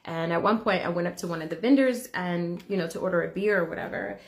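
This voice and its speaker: A woman's voice: fairly low pitch, quick pace. A woman hosting a reaction video, telling a personal story in candid, casual commentary full of filler words.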